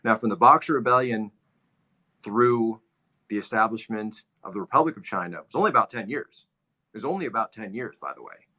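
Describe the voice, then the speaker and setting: Male commentary host: low-pitched, forceful delivery, lecturing with emphatic repetition. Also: animated, a little fast, slightly rough. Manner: emphatic, repeats phrases for stress. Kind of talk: livestream commentary, history lecture.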